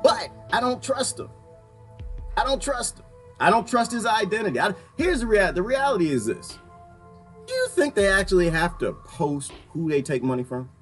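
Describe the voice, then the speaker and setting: A man giving a casual, animated political rant to his viewers, laughing often and swinging between loud and quiet. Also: high voice, moderate pace, faint music behind. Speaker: video commentator.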